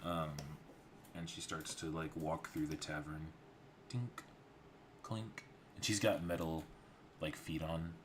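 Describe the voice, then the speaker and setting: A man's voice: rumbling low, fairly even intonation, takes it slowly, pauses often, slight background noise. A man streaming his storyboard work, rambling casually as he talks through scene ideas. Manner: loose and rambling, lots of fillers. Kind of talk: casual livestream narration. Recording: clear keyboard typing behind.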